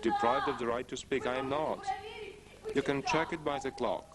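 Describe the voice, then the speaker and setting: A man voicing every role of a stage play in a single dubbed voice, trading quick lines. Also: mid-range voice, a loud crowd. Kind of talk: single-voice dubbed theater dialogue.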